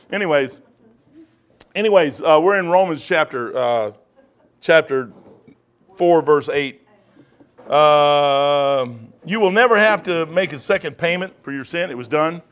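A man's voice: fairly high pitch, slow, long pauses, a bit bright. Rambling man pastor teaching Bible study. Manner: rambling, conversational, peppers talk with "man".

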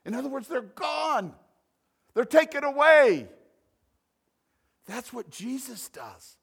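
A man preaching a sermon as pastor, animated, swinging between loud emphasis and quiet asides. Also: extremely high pitch, slow, vocal fry, husky.

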